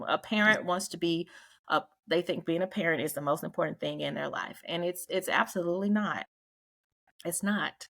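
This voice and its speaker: A woman's voice: fairly low pitch, moderate pace, creaky, a bit bright. A woman hosting a casual group talk, speaking earnestly and preachily with frequent laughs. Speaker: podcast host.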